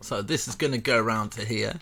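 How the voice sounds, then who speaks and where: A man's voice: on the low side, fast, vocal fry, sharp tone. A young man casually walking viewers through a building tutorial step by step, chatty and rambling with self-mocking asides.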